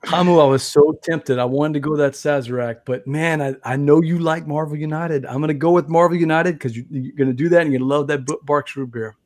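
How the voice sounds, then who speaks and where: A man's voice: on the high side, steady tone, fairly quick, hardly any pauses, darkish tone. A man hosting a casual board game show over a video call, playful and teasing. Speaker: host.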